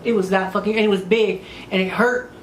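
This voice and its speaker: A woman telling frank stories in casual chat as a podcast host, crude, profane and animated. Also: mid-range voice, brisk. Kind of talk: candid casual storytelling. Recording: roomy room with faint noise.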